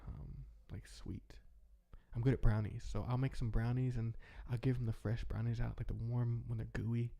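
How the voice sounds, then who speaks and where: A man's voice: mid-range voice, level tone, a little fast, gravelly, few pauses, dark tone. A young man talking in a rambling, heartfelt way, chatting casually as a podcast host. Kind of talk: casual reflective chat.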